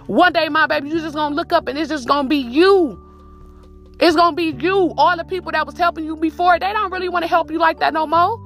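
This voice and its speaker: A woman with a high voice preaches a profane pep talk to her listener, circling back on the same phrases again and again. She calls the listener "my baby" and talks like a podcast host. Faint music plays behind her. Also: fast talker, a bit bright. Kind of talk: motivational monologue.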